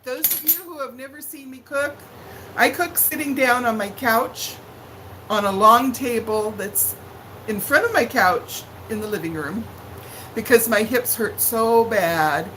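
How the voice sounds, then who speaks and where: A middle-aged woman talks slowly and chattily on a home livestream, calling out viewers' names in bright sing-song greetings. Her voice sits a little high for a woman. A faint hum of room ambience runs underneath. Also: low-quality recording. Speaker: livestream cooking host. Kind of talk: casual live-stream chat.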